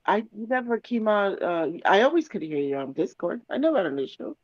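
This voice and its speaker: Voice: medium pitch, sing-song, fairly quick. A co-host on a voice call, chatting casually and rambling with many fillers. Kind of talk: casual chat. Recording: dull, dry call audio.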